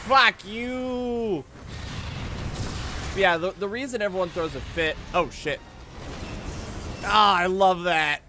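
A man streaming a video game, giving excitable, jokey commentary and swearing often. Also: fairly high pitch. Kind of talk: casual gaming commentary.

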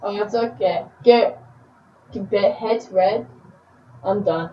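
Woman gaming host, excitable and repetitive, echoey room. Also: mid-range voice, takes it slowly, a little hiss or hum. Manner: excitable, repeats words in bursts. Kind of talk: casual game commentary. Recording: echoey, distant, muffled home recording.

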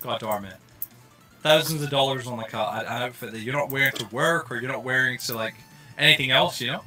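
While streaming a game, a young Scottish man with a softened accent chats casually, rambling with lots of fillers. His mid-range voice moves fairly quickly over soft background music.

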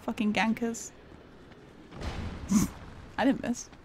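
A woman's voice: a little high, steady tone, takes it slowly, a little hiss or hum. A woman giving casual, jokey commentary while playing a video game, laughing often. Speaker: gaming streamer.

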